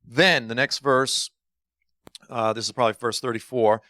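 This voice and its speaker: A man's voice: medium pitch, normal speed, no room sound, studio quality. A middle-aged man preaching a conversational sermon, telling stories with acted-out dialogue and laughing at himself. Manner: animated storytelling, acts out dialogue, laughs at himself.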